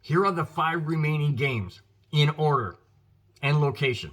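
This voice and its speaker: A man's voice: on the high side, animated, moderate pace, fairly bright tone. A man with an American accent hosting his own football show, giving emphatic, frustrated commentary and talking straight to his viewers. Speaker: sports podcast host.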